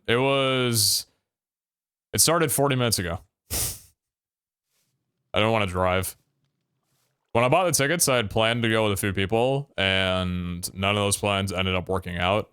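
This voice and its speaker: A man's voice: on the low side, a bit bright, smooth. A young man chatting casually and tiredly on a game stream, rambling, swearing and laughing often. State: tired, yawning.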